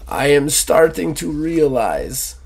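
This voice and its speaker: A man voicing a friendly yet ominous man, speaking slowly and knowingly. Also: a little high, very animated, creaky, a little hiss or hum, exaggerated voice. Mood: grave.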